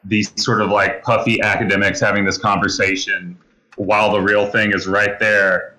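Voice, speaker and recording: A man's voice: on the low side, flat delivery, moderate pace, pushed and bright, poor audio. A man co-hosting a podcast, talking through ideas in a thoughtful, rambling way with many fillers. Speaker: podcast co-host. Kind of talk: casual discussion.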